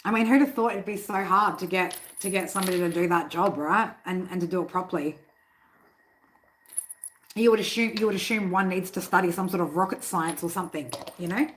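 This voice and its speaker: A woman's voice: on the low side, brisk, poor audio. A woman hosting a casual live tarot stream from home. She talks loosely, swears freely and keeps breaking off to scold her cats. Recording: steady background noise. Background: noise and cats.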